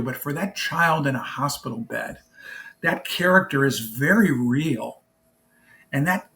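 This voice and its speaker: An animated man telling a story. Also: mid-range voice. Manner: animated, emotional storyteller, acts out both sides of a phone call. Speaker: charity founder, guest. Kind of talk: interview storytelling.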